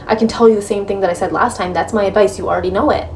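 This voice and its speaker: Speaking rapid-fire with few pauses, this woman's medium-pitched voice delivers blunt breakup advice, sprinkled with "like" and "right?". She's an advice vlogger chatting casually, captured on a somewhat distant mic with light room noise.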